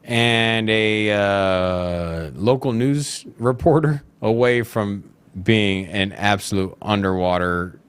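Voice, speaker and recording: A man co-hosting a casual crypto news show, opinionated and expressive, often laughing along. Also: fairly low pitch, takes it slowly, few pauses, clean tone. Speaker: co-host.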